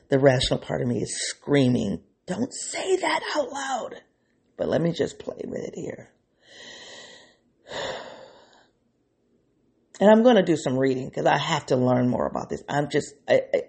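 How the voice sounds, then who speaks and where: A man's voice: a little high, gravelly, darkish tone, husky. A man talking to his viewers in an unscripted reflective monologue, rambling and restarting his thoughts, openly emotional. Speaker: vlogger speaking to his viewers.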